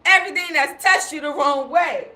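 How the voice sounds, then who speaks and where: A woman's voice: sits high, normal speed, sharp tone. A woman speaking on a live stream in an emphatic, rambling, profane monologue. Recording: echoey room.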